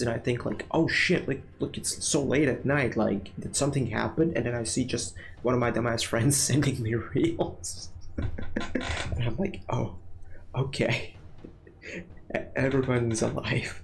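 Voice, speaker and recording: A man's voice: medium pitch, creaky. A man streaming a video game, chatting to viewers with crude jokes and rambling commentary. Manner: rambling with fillers and restarts. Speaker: gaming streamer. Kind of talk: casual let's-play commentary.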